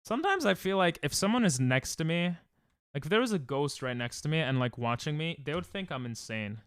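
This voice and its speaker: A man's voice: fairly high pitch, very animated, fairly quick, fairly bright tone, clean tone, no echo. A young man chatting casually on a live stream while gaming, joking, laughing often and reading chat aloud from a close desk mic at home.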